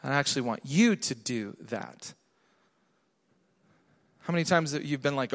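A man preaching a sermon to a church gathering, moving from quiet, intimate urging to loud, emphatic declarations. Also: medium pitch, normal speed, pauses often. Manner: impassioned, swings from soft to loud emphatic declarations. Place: church hall. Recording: reverberant hall.

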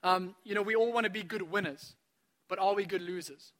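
A middle-aged man preaching a sermon, telling a funny family story in an animated, self-mocking way before drawing the lesson. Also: high-pitched, a little fast. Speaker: pastor.

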